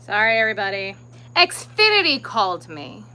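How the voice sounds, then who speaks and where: Woman streamer, casual rant, animated and bright-toned, exasperated asides. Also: sits high, a little slow, slight background noise, poor audio. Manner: ranting, exasperated, drops to muttered whispers. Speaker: crochet livestream host. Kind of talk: casual livestream chat.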